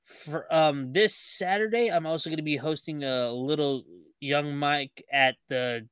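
A man from Guam, a comedian guest on a casual podcast, listing his upcoming shows upbeat and with many fillers. His voice is a little high, and it sounds close and dry. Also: measured pace, a bit bright, clean tone, no room sound. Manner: upbeat, self-promoting, hesitant fillers. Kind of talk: casual interview chat.

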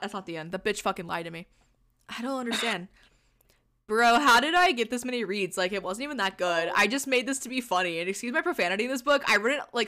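A young woman hosts a podcast, reading a goofy fanfiction aloud and breaking off for joking comments. Her voice is bright and a little high, and it swings widely in pitch as she reads. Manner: playful, laughing, swearing, switching between reading and asides. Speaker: podcast host.

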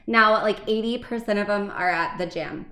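A woman in her thirties from Arizona, a writer and guest, talking casually with self-deprecating humor and quick funny asides. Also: medium pitch, bright, forceful tone. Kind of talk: casual interview chat. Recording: echoey room.

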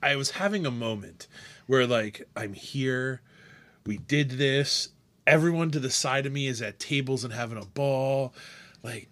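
A man co-hosting a casual chat, telling stories in an animated, excitable way. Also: mid-range voice, unhurried. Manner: animated storyteller. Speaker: podcast co-host.

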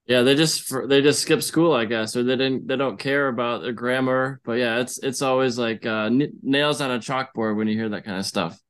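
A man hosting a podcast, asking questions in a relaxed, casual way. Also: mid-range voice, normal speed, hardly any pauses, smooth. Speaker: podcast host. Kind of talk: casual interview chat.

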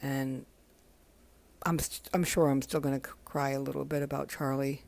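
A woman in her forties hosting a podcast, talking casually in a soft, halting way, worn out from crying. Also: a bass voice, level tone, vocal fry. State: exhausted from crying. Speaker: podcast host. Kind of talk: casual spoken tribute monologue.

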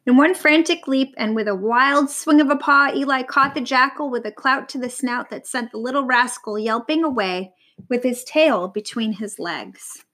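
A woman reading a storybook aloud to a child, in an expressive, lively way. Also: high voice, normal speed.

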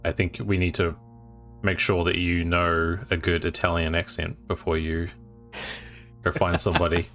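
A man's voice: low voice, completely flat delivery, normal speed, fairly bright tone, faint music behind. A man playing a tabletop game, making practical plans and jokes. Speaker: player. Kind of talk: casual tabletop play.

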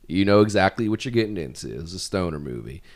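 A man's voice: sits low, lively intonation, fast talker. A man hosting a podcast, casually retelling a movie plot with lots of swearing and laughter. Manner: rambling, swears freely, laughs at his own retelling. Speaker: podcast host.

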